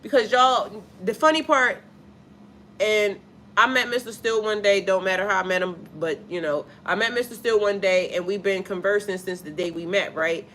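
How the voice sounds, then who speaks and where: A woman's voice: mid-range voice, normal speed, a bit bright, a little hiss or hum. A woman who is a spiritual life coach talks bluntly and with lots of swearing in a casual live stream, stopping to read out comments from viewers. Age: adult with a child. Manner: blunt, profane, emphatic.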